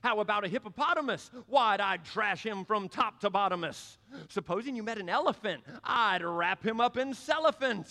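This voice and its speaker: A preacher voicing a bragging male tin man in a brisk, rhyming patter. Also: sits high, lively intonation, sharp tone, big-room sound, pitched above the performer's own voice, heavily acted.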